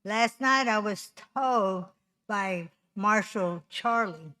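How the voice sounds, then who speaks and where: A woman's voice: medium pitch, slow, sharp tone. A woman voices an unscripted complaint at a council meeting. She is insistent and aggrieved, and she repeats and restarts her phrases as she goes. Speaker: tribal member speaking at council. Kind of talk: unscripted public comment.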